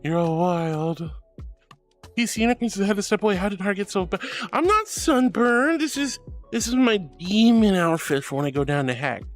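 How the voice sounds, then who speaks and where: A man with a high, swooping voice chats casually through a livestream, reading viewers' messages aloud. He is giggly and teasing, and he calls everyone sweetie and honey. Faint music plays under his talk. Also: expressive, moderate pace. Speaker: VTuber streamer.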